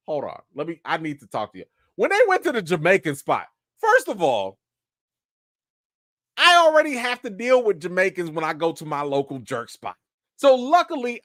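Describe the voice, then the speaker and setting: Male livestream host of Haitian background, casual review, lively swooping pitch, dry sound. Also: dry recording. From Haitian family. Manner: animated, playful, talks straight to viewers.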